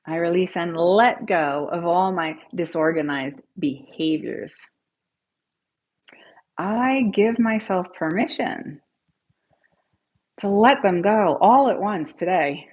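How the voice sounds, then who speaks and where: A tapping coach and livestream host, this woman has a lowish, slightly rough voice, and the recording's highs are cut off. She guides a live session, encouraging viewers, calling out their scores, and leading affirmations for people to repeat.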